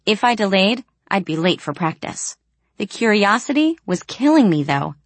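A woman narrating a first-person audiobook in an expressive, storytelling way. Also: medium pitch, moderate pace, no echo.

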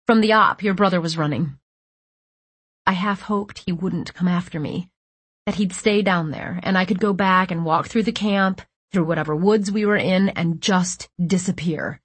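Low, breathy woman narrating a story. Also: normal speed, dry recording. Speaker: audiobook narrator. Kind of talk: first-person fiction narration.

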